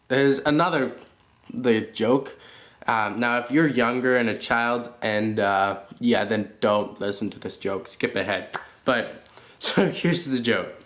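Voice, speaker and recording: A man's voice: mid-range voice, fairly bright tone, roomy sound. A man casually telling funny family stories and jokes, rambling with lots of fillers and laughs. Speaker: storyteller.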